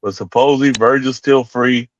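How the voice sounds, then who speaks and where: A man calling in as a panel member for casual boxing chat, talking in a halting way with lots of "uh" between thoughts. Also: mid-range voice, steady tone, dry recording. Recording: dull, lo-fi call-in audio.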